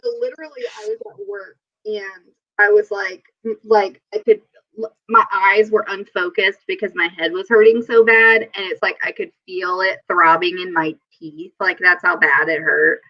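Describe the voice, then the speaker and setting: A woman hosting a live stream, chatting casually and telling stories in a giggly, animated way over a video call. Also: medium pitch, moderate pace, lo-fi sound. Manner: giggly, animated storytelling with quoted asides. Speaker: host.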